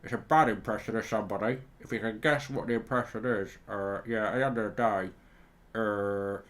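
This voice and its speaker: A man doing a rough Cockney impression of a laddish, gruff man. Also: on the low side, fairly quick, a bit bright, lightly acted.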